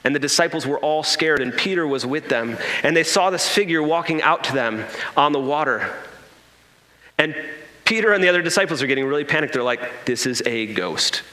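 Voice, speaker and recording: A man delivers a sermon in a bright, forward voice that sits a little high. He tells the story with animation, slipping into quoted voices and humorous asides. The sound carries a roomy, long reverb from a large church hall. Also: brisk. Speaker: pastor. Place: church sanctuary.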